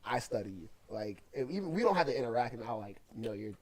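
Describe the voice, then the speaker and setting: A man's voice: medium pitch, sing-song, fast. A young man co-hosting a casual podcast chat, rambling with lots of fillers and cursing freely. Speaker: podcast co-host.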